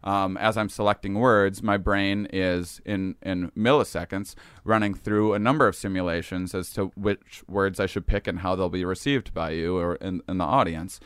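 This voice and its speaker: A young man, a podcast guest, telling a story in casual chat, animated and laughing often as he acts out the voices of people in it. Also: sits low, normal speed, hardly any pauses, clear, resonant tone, no echo, clean studio sound.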